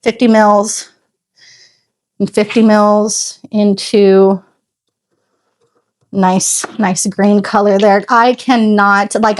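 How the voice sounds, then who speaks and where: A woman chatting casually to her phone camera outdoors while detailing a car, sassy and prone to ranting asides. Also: medium pitch. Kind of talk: casual vlog chat. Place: outdoors at home, driveway. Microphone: phone camera on a tripod.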